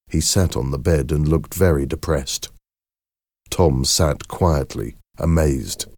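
A man narrating a storybook in a slow, expressive way. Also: rumbling low, no room sound, clean studio sound. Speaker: audiobook narrator.

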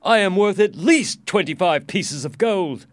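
A man voicing a proud, furious king who keeps complaining, indignant and shouting. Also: high-pitched, lively intonation, a little slow, no room sound, pitched above the performer's own voice.

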